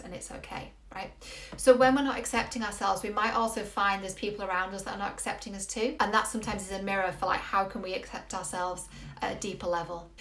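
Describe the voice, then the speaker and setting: A woman's voice: medium pitch, pushed and bright. A woman, coaching viewers earnestly and asking many rhetorical questions. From England. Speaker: relationship coach. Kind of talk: motivational video talk. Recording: roomy echo.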